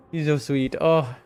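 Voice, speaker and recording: A man live-streaming a video game, chatting excitedly with his viewers. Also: fairly high pitch, slight background noise. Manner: excitable, chatty, talks to chat. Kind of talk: live gameplay stream chat.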